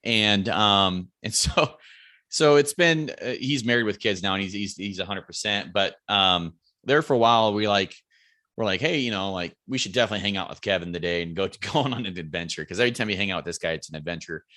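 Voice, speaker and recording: A man as a podcast guest, telling a hunting story in a casual, animated way. He swears freely and raises his voice to quote friends yelling. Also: lowish voice, brisk, dry recording. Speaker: podcast guest, bow hunter.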